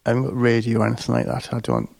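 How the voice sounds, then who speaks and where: A man co-hosting a casual podcast, joking deadpan and swearing. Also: mid-range voice, very fast, creaky. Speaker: podcast co-host. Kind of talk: casual chat.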